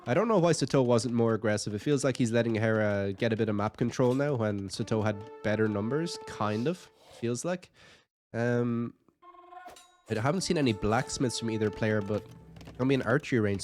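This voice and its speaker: A man's voice: mid-range voice, a little fast, darkish tone, soft background music. A man giving casual commentary on a strategy game match, chatty and thinking aloud with light jokes. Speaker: game caster.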